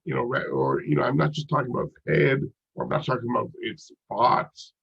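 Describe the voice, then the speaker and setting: Gravelly, congested man lecturing casually. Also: medium pitch, sing-song, fairly quick. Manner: casual, rambling with many "like" and "you know" fillers. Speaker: psychology instructor. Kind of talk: recorded lecture. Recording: dull lo-fi recording.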